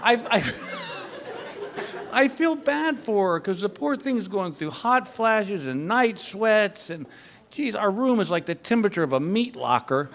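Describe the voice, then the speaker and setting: On a club stage, an older man performs stand-up comedy in a high-pitched voice at a measured pace. His storytelling is animated, laced with mock exasperation.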